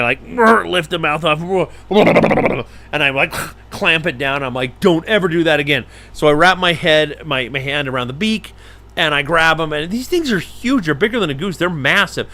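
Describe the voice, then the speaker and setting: A middle-aged man spins a yarn for viewers, his fairly high voice jumping about as he plays every part himself. He talks casually and with plenty of animation. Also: moderate pace, sharp tone. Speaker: falconer hosting a live stream. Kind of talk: casual storytelling.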